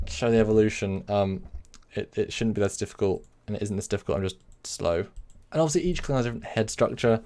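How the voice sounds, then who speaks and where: A man with a mid-range, slightly mellow voice hosts a casual live stream. He rambles, corrects himself along the way, and reads out chat messages to answer them.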